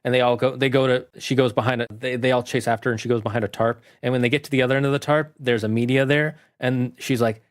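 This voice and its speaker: A man's voice: mid-range voice, fast, hardly any pauses. Rambling man retelling a movie. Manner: rambling, animated, with restarts. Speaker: movie reviewer.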